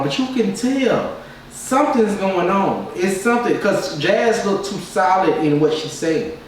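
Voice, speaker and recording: A man casually giving his opinions as a reality TV reviewer, in a loose, repetitive way with lots of filler phrases. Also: on the high side. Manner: loose, repetitive, keeps saying "you know what I'm saying". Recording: very echoey room, distant mic, faint noise.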